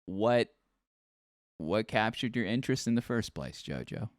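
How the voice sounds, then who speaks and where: A man hosting a casual interview podcast, asking questions in lively bursts with frequent restarts. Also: on the low side, a little slow, no echo, clean studio sound. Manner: animated, talks in bursts with restarts and laughs. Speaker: podcast host.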